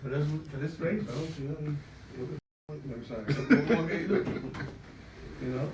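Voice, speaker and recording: A studio owner talks business in a studio room, chatting casually in a laid-back, slangy way that trails off and restarts. His voice is a little high and slow. The mic is distant, giving a roomy off-mic sound with faint noise and a loud crowd.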